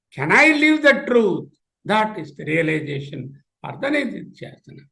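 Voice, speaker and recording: A man with an Indian accent delivers a spiritual lecture in a high, bright voice. He speaks deliberately, explaining each term and repeating words to make them clear. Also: rough recording. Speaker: lecturer giving an endowment oration.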